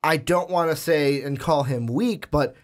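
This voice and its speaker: A man's voice: fairly high pitch, a little slow. Young man rambling about a movie. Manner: rambling, restarts and fillers, builds up to pointed questions. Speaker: podcast co-host. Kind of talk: casual movie chat.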